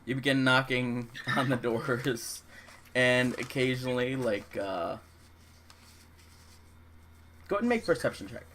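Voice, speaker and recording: A man's voice: medium pitch, lively intonation, normal speed, background noise. A man running a tabletop game as dungeon master, narrating casually with many fillers.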